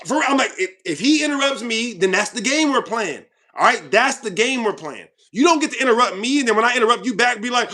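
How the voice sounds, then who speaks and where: Heated ranting host, man, high bright voice, confrontational. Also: lively intonation, fairly quick. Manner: heated, confrontational, repetitive, swings loud and quiet. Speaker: channel host. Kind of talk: ranting commentary to viewers.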